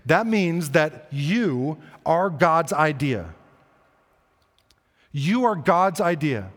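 A man's voice: a little high, sing-song, extremely slow, big-room sound. A man preaching a sermon in an earnest, conversational way, repeating key phrases for emphasis. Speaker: pastor.

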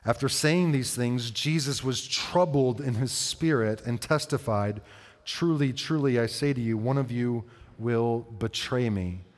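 A man's voice: medium pitch, measured pace. Man preaching in a reverberant hall. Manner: conversational, asks the congregation questions. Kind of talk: sermon reading and explaining scripture.

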